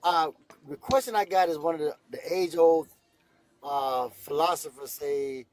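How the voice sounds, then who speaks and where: A man's voice: a little high, measured pace, darkish tone. A man in his fifties calling into a live debate, friendly and stammering with repeated words. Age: 50s. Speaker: caller. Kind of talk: casual debate call.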